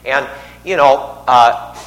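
A man's voice: mid-range voice, slow pace, fairly bright tone. A man preaching a sermon in a church, conversational, joking with the congregation. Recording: echoey hall, faint noise.

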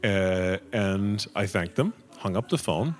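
A man spinning a true story at a live storytelling night, his voice of middling pitch but swinging expressively up and down. He chuckles at his own tale as he goes, unhurried and conversational on a stage mic. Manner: lively, self-amused, chuckles through lines. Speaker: audience storyteller.

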